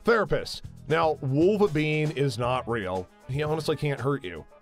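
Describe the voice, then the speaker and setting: A young man casually riffing on memes in a jokey, animated way. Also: on the high side, measured pace, faint music behind. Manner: jokey, animated, slips into silly voices. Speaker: meme commentary host. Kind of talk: casual meme commentary.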